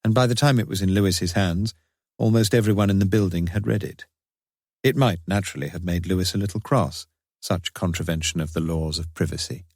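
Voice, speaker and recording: A man narrates a detective mystery in a measured, even storytelling manner. His voice sits low, and the recording is close and dry with no room sound. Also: no room sound. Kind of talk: audiobook narration.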